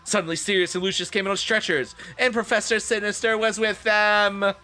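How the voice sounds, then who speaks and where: A man's voice: high-pitched, fairly even intonation, brisk, sharp tone. Sarcastic male streamer reading aloud. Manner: sarcastic, swearing, laughing asides. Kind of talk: comedic dramatic reading. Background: faint rock music.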